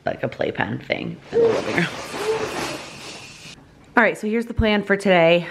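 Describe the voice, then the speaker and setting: A woman's voice: low voice, noisy background. A woman in her thirties, a mother, chatting in a rambling, casual way at home, full of fillers and self-corrections. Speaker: vlogger, mother. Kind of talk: casual rambly vlog talk. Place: home, kitchen table. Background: baby toy noises.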